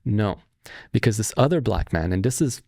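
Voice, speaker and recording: Gravelly-voiced podcast host, low and dry. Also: male voice, moderate pace, no echo. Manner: animated storyteller, acts out quoted voices. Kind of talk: casual political podcast chat.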